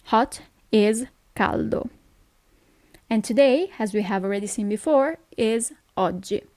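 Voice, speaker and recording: A woman's voice: on the high side, measured pace, warm tone, no room sound. A woman from Italy with an Italian accent, teaching a language lesson, who explains things patiently and keeps checking in with "okay?".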